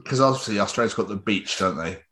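A British man with a low voice trades sweary, jokey banter as a podcast host. His delivery is loose and casual. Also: fast talker, a bit bright. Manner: sweary, jokey, laughs often.

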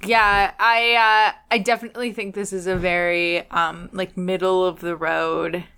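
A woman's voice: lowish voice, little pitch movement, measured pace, bright, forceful tone, smooth. A woman talking through a film in a casual review chat. She is easygoing and agreeable, and she often goes along with her co-host's remarks. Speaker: podcast co-host.

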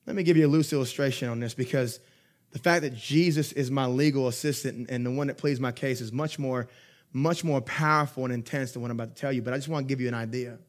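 Delivering a sermon, this young male pastor speaks quickly at a medium pitch. He's lively and conversational, moving from loud, emphatic moments to quiet asides, laughing his way through stories.

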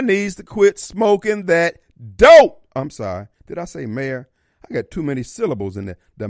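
A man's voice: fairly high pitch, big pitch swings, moderate pace, no echo. A man hosting a talk radio show from a studio, folksy and theatrical in his opinionated monologue. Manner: theatrical, folksy, slips into voices and asides.

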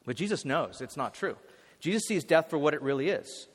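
A man preaching a sermon in an animated way, with sudden loud bursts and frequent restarts. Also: a little high, fairly quick, breathy edge. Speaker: pastor. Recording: hall reverb.

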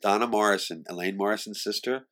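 Animated middle-aged man telling stories. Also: lowish voice, fast. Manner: animated, laughs often, swings between loud and hushed. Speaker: interviewee. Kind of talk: candid storytelling in an interview.

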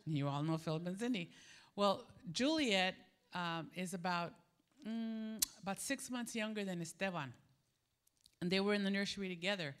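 A middle-aged woman delivers a sermon with a mid-pitched voice. She tells personal stories in an animated way, jumping up in pitch as she acts out the people in them. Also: moderate pace, clean tone. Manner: animated, acts out quoted dialogue with jumps in pitch. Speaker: preacher at a women's gathering.

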